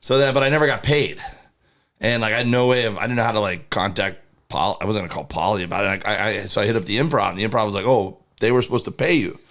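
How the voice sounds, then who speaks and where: A young podcast co-host races through a rambling story in casual chat, his lowish voice fairly bright. He acts out the voices of the people he quotes.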